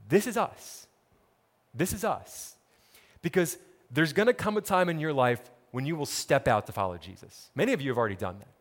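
Pastor guy preaching, emphatic and repetitive, kinda high voice, big echoey church hall. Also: animated, normal speed. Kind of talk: sermon.

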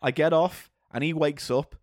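A man's voice: fairly high pitch, steady tone, normal speed, no echo, studio quality. A man co-hosting a podcast, telling a crude story in vivid, exaggerated detail. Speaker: podcast co-host. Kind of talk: casual comedic chat.

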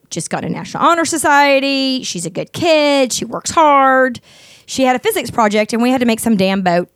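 A woman's voice: on the high side, no room sound, clean studio sound. A blunt, outspoken middle-aged woman hosting a casual talk show, chatting with her co-host. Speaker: podcast host. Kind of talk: casual chat.

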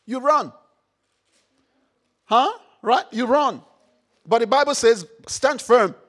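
A man preaching a sermon, repeating phrases, firing questions at the congregation and rising to shouts. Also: very high-pitched, animated, takes it slowly. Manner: call-and-response, repeats phrases, rises to shouts; rhetorical questions to the audience.

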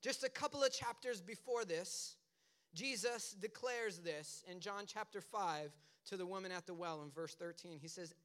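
A man's voice: sits high, moderate pace. A man preaching a casual, conversational sermon, telling stories with loose asides. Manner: animated storytelling with casual asides. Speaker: pastor.

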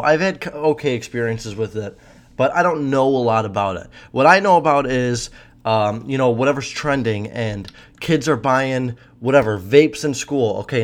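Young guy in his 20s riffing solo on his podcast, swears a ton, rambles, mid pitched voice. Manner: rambling and profane, full of fillers and restarts. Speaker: podcast host. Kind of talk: casual solo Q&A chat.

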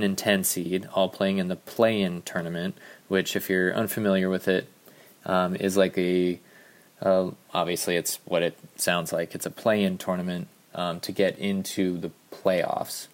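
A man's voice: sits low, little pitch movement, a little slow. A man hosting a casual sports podcast, talking in a rambling, offhand way with many ums, a little out of breath. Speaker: podcast host.

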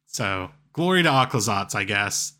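A man co-hosting a podcast, recapping a story in a relaxed, chatty way with lots of fillers. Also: lowish voice, moderate pace. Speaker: podcast co-host. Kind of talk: casual chat recapping stories.

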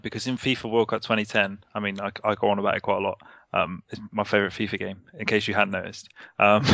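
Bloke on a podcast, low gravelly voice, kind of rambly, bit muffled dry sound. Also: male voice, a bit bright, no echo. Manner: rambling, hedges with "kind of", swears casually. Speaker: podcast co-host. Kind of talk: casual podcast chat. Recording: slightly muffled dry recording.

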